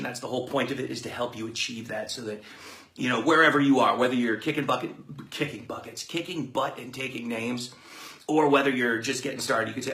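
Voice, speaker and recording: An author marketing coach gives a loose, playful book marketing lesson, rambling and cheerfully making up words. His mid-range voice is bright and forceful, and the room with a whiteboard echoes noticeably.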